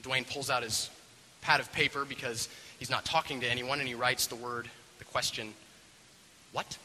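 A man's voice: mid-range voice, moderate pace, a little hiss or hum. Man retelling a film scene in a reverberant hall. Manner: expressive, acts out the characters' voices. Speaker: storyteller.

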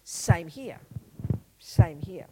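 A woman's voice: on the low side, very slow, background noise. A woman giving a Buddhist teaching talk, blunt and emphatic, full of rhetorical questions. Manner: blunt and lively explaining.

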